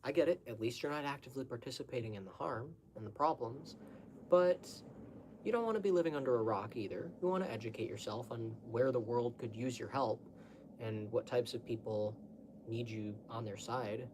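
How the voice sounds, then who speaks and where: A man's voice: medium pitch, a little fast, noisy background. A man speaking unscripted to his viewers in a blunt, lecturing way, urging them to think for themselves. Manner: blunt, lecturing, exhorting the listener. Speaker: host answering audience questions. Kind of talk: unscripted monologue.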